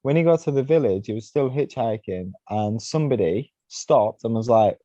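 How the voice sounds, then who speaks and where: A man's voice: medium pitch, expressive, normal speed, hardly any pauses, dark tone, dry recording, dull audio. Rambling man telling stories on a podcast. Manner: rambling, leans on "you know" and "right?". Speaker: podcast guest, mountainboarder. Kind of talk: casual storytelling.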